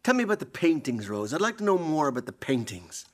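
An actor playing Leonard, a betrayed husband in a radio play, bitter and sarcastic. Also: male voice, fairly high pitch, big pitch swings, quick pace. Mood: coldly probing.

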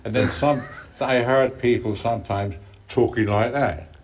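A man's voice: medium pitch, fairly even intonation, a little slow. A man from Ireland, a talk show guest telling a playful, amused anecdote in an archive television clip with faint noise. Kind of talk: chatty anecdote.

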